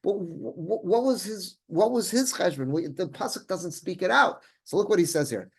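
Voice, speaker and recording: A man, a rabbi, teaching a Torah class in an animated, conversational way, often restarting sentences and mixing in Hebrew terms. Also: sits high, normal speed, creaky, husky.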